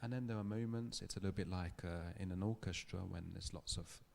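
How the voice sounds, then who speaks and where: A man giving a public lecture, telling a story in a thoughtful, measured way with small restarts. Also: deep voice, gravelly, a little mellow. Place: lecture hall.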